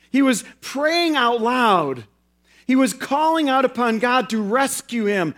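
A male pastor preaching a sermon in an earnest way, slowing down and repeating phrases for emphasis. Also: very high-pitched, fairly bright tone.

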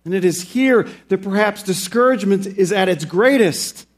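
High-voiced man preaching a sermon. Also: animated. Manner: preaches with slow, emphatic rises on key phrases; drops low and quiet for reflective points. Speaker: pastor.

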